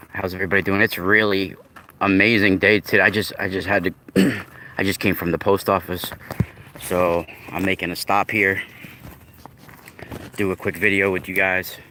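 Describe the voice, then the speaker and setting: Man, low bright voice, rambling outdoor vlog on a phone, faint outdoor ambience. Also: a little hiss or hum. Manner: rambling, with restarts and spelled-out words. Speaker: vlogger. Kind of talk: casual outdoor video talk. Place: outdoors in the woods.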